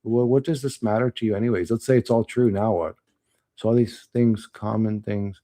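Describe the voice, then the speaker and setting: A man's voice: on the low side, dark tone. A man on a livestream, reading chat comments and answering them in blunt, profane, rambling talk.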